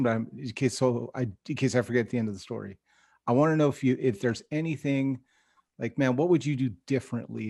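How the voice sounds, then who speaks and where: A podcast host from California tells a rambling story and laughs through his lines in a casual podcast chat. His voice is medium in pitch, and the recording is clean studio sound with no echo.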